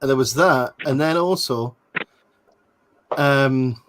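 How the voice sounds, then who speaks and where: A man's voice: medium pitch, slow, a bit bright, slight background noise, low-quality recording. A man hosting a casual movie watch-along, sharing film trivia with frequent ums and laughs. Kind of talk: casual film commentary chat.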